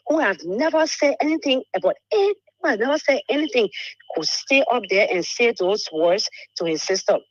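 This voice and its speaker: A woman, telling a painful personal story on a talk show, halting and repeating words. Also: medium pitch, no room sound. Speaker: guest telling her story. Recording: muffled dry broadcast audio.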